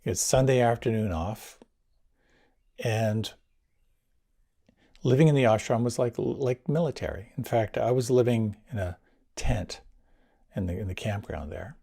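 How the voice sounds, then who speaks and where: An older man, a meditation teacher, recounting his experiences in a reflective storytelling talk, swinging between near whispers and lively bursts. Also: fairly low pitch, unhurried, gravelly, pauses often. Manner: animated, drops to near whispers and rises again.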